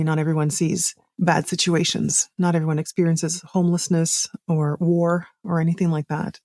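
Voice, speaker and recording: A woman's voice: fairly low pitch, darkish tone, no echo, studio quality. A woman hosting a podcast interview, asking curious questions and affirming her guest. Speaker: podcast host.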